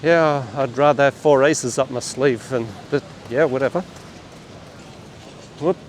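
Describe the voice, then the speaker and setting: A man's voice: mid-range voice, measured pace, slight background noise. A man giving casual, wry walking commentary to a handheld camera outdoors on a beachfront street. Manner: wry, chatty asides to the camera. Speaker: vlogger on a walking tour.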